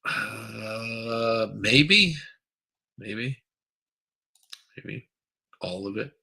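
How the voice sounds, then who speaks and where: A man's voice: lowish voice, very slow, creaky, bright, forceful tone, slightly rough, low-quality recording. A man hosting a live stream, chatting casually and crudely, rambling while he reads viewer comments aloud. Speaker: livestream host.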